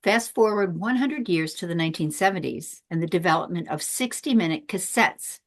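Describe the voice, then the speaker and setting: A woman's voice: lowish voice, expressive, normal speed. A woman hosting a casual podcast over a video call, chatty and laughing at her own asides. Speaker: podcast host.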